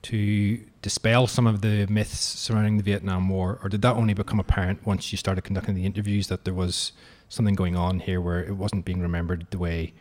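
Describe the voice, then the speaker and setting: Male interviewer, lower register, curious and leading, asks long-winded questions. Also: little pitch movement, a little fast, few pauses, a little mellow.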